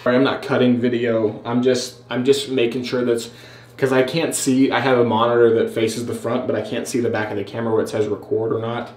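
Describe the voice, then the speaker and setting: A man rambles through a casual vlog as he trims his beard, restarting sentences and poking fun at himself. His voice sits at an ordinary male pitch, with a roomy echo around it. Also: flat delivery, brisk, darkish tone, slight background noise. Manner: rambling, self-deprecating, lots of fillers and restarts. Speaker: host.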